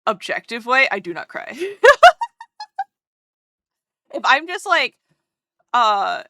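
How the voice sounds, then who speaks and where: A woman's voice: fairly high pitch, sing-song, a little slow, pushed and bright, dry recording, clean studio sound. A woman streamer chatting casually while drawing, gushing and rambling as she interrupts herself.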